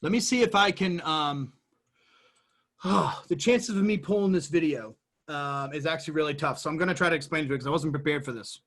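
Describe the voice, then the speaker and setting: Brief: male guest, husky tone, lively casual explainer. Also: fairly high pitch, a little fast. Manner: animated, jumps between everyday examples. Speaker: guest entrepreneur explaining business.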